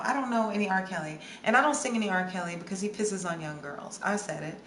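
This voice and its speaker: On her casual livestream, a young woman with a lowish, slightly bright voice talks a little fast with few pauses. She loosely chats, reads comments, and breaks into bits of song for requests, sounding chatty and scattered in a roomy recording with faint ambient noise.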